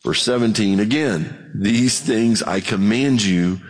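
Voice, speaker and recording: A man's voice: lowish voice, slow pace, big-room sound. A man preaching a conversational sermon as pastor, telling stories and acting out the voices he quotes. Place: church.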